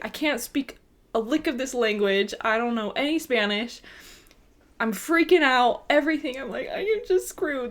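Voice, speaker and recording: A young woman co-hosting a podcast, with a voice pitched slightly high. She tells her stories in an animated, chatty way and laughs often. She comes from Arizona. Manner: animated, laughs a lot while telling stories. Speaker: podcast co-host. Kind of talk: casual chat, storytelling.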